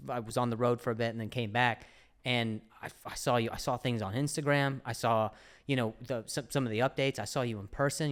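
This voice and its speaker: A man hosting a casual studio interview, earnest and halting as he asks his guest questions. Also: medium pitch, smooth. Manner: earnest, halting, with many restarts. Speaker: podcast host.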